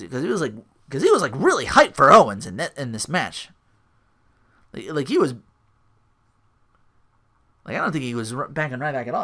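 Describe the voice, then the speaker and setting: A man's voice: medium pitch, a bit bright. A man hosting a solo podcast, recapping a wrestling show in a rambling way full of likes and restarts. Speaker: podcast host.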